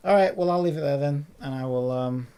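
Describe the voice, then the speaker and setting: A man's voice: fairly high pitch, brisk, warm tone, clean tone. A man streaming a game live, ranting furiously and swearing about a boss fight. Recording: game music playing behind.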